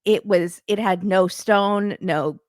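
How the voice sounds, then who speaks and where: A woman's voice: mid-range voice, slow, no room sound, clean studio sound. A woman hosting a podcast, chatting casually and sarcastically as she recaps a reality show, laughing often. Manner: sarcastic, laughing, quotes people in put-on voices. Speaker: podcast host.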